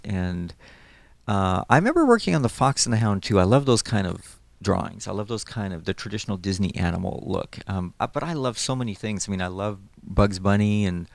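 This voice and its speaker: A middle-aged man, an animator and storyboard artist, chats in a casual interview about his work. His voice is on the low side and creaky, friendly and rambling with many fillers, and there's no room sound.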